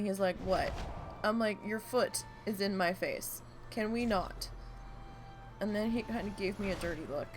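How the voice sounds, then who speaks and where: There's a slight hiss or hum behind this woman's medium-pitched voice as she chats during a live game stream. Congested from allergies and her voice fading, she spins a rambling tale, acting out the lines she quotes, with extra energy when she quotes her dog.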